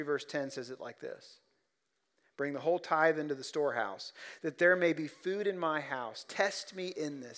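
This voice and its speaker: A male preacher with a fairly high voice delivers a sermon from the pulpit. He tells personal stories, dropping soft and low one moment and rising loud and emphatic the next. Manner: storytelling, swings from soft to loud. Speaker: pastor.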